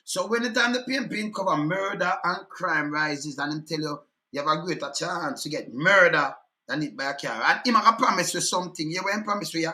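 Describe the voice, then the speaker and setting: A man's voice: fairly high pitch, a little fast, sharp tone. A man with a Jamaican accent giving heated, scornful political commentary, firing rhetorical questions and replaying clips.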